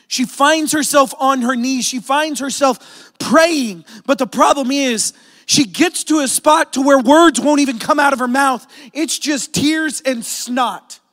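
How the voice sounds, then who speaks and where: High-voiced preaching man, hushed to shouting. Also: a little slow, in a large hall. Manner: swings from hushed, intimate talk to shouted appeals; repeats "here's the thing", storytelling with self-deprecating asides. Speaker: pastor. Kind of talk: sermon.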